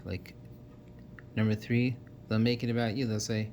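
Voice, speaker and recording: A man with a somewhat low voice talks earnestly and casually. He lists his points one by one and often restarts his sentences. A faint low rumble sits under the recording. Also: fairly even intonation, moderate pace, darkish tone. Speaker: self-help speaker. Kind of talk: casual explanatory monologue.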